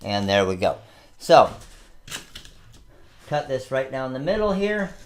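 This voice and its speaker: A man's voice: medium pitch, very animated, slow, slight background noise. A man in his thirties hosting a casual how-to tutorial, chatting through each step as he works. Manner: chatty, explains each step while working. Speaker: host of a craft supply tutorial channel.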